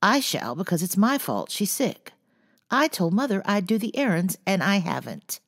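A woman voicing an impulsive, warm-hearted teenage girl who speaks earnestly and emphatically, in an audiobook. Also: mid-range voice, big pitch swings, moderate pace, dry recording, clean studio sound, pitched above the performer's own voice. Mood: emphatic.

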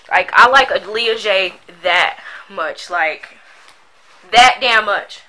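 A woman's voice: medium pitch, pushed and bright, low-quality recording. A young woman talking casually to her vlog audience, goofy and overdramatic, with lots of slang. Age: young adult. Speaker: vlogger. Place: at home while packing. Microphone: built-in camera mic.

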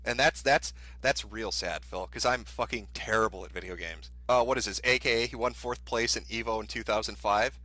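A man's voice: fairly low pitch, normal speed, few pauses, sharp tone, no room sound. A man ranting in profane, sarcastic commentary, mocking a streamer as he reads his posts aloud.

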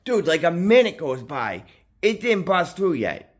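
A man's voice: on the high side, a little slow. A man vlogging a personal story in casual, rambling talk, heavy on profanity and filler like "dude" and "you know what I mean", his voice jumping up when he gets worked up. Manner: excitable, voice jumps up when worked up.

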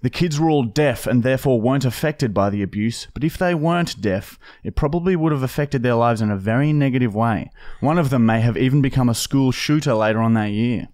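A man co-hosting a podcast, reading made-up news items in a crude, deadpan way. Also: medium pitch, fairly quick, hardly any pauses, dry recording, studio quality. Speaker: podcast co-host. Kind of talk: joking banter, reading mock news items.

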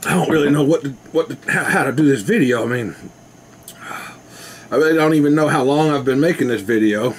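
A man's voice: mid-range voice, fairly quick, slight background noise. A man rambling casually to his camera at home, laughing often. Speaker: vlogger. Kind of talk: casual rambling video chat.

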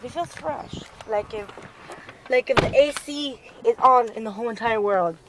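A woman's voice: fairly high pitch, moderate pace, very noisy. A young woman vlogging casually with her daughter, chatting to her viewers and slipping between English and Spanish, filmed on a handheld phone. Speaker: vlogger mom. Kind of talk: casual home vlog. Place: home and outdoors in the rain.

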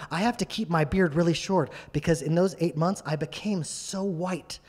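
A middle-aged man giving an animated, emphatic testimony as a guest speaker in a church. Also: high-pitched. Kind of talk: sermon-style testimony. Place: church hall. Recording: reverberant church hall.

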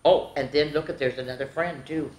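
A woman reading picture books aloud to young children in a playful, animated way, speaking to them directly. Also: deep voice, fairly quick. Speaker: children's storytime reader. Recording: echoey room.

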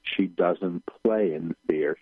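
A man being interviewed on radio who channels guides, repeating phrases softly as they come through. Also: low voice, slow, slightly rough, dry recording. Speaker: channeler guest. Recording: tinny phone line.

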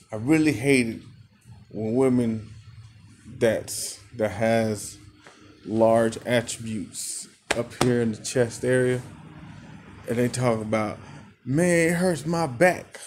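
A man's voice: mid-range voice, takes it slowly, long pauses, slight background noise. A man ranting in casual talk, telling a story with frequent laughter and cursing, his voice jumping up when he gets worked up. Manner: animated, laughing, profane storytelling. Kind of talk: casual rant.

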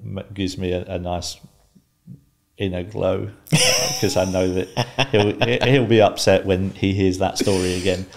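A man in his fifties, a guest in an interview, calmly telling stories and laughing often. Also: deep voice, measured pace, gravelly. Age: 50s. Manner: calm, laughs often while telling anecdotes. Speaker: guest, former footballer and pundit. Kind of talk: casual interview storytelling.

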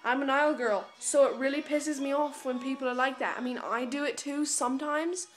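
A teenage girl talks casually and bluntly to a phone camera, swearing and putting on a mock British accent. Her voice sits high with a steady tone and a slightly quick pace, and faint music plays in the background.

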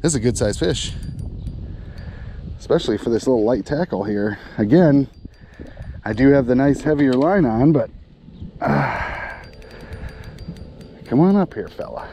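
Slow, mellow fishing vlog man. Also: medium pitch, expressive, slight background noise. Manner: chatty, talks to the fish and viewers. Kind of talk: casual fishing vlog narration. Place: outdoors on a boat on a lake.

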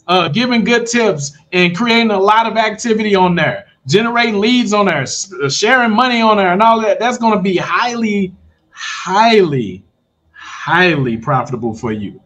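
Guy with a high voice hyping up his online business course, keeps asking "you understand?". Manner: animated, talks straight to viewers with repeated check-ins. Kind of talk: casual livestream pitch.

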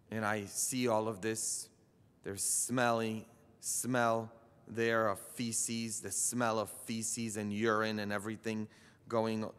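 A male priest delivers a sermon at a very slow, deliberate pace, his voice bright and sharp. He leans on emphatic phrases that build to loud peaks. The sound carries a long church reverb. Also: fairly low pitch, smooth. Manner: slow, emphatic preaching that swells to loud climaxes. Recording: echoey church hall.

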